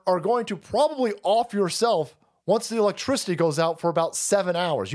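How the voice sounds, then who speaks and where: A man hosting a livestream, ranting loudly and mockingly with constant profanity. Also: high-pitched. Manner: loud, foul-mouthed, mocking. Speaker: livestream host. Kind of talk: profane rant.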